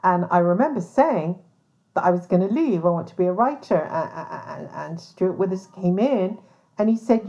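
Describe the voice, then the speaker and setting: An animated woman with a low, dark-toned voice talks at a moderate pace on her podcast. She's a private investigator and host whose blunt, casual monologue is full of cursing, "um"s and restarts, heard through dull lo-fi sound.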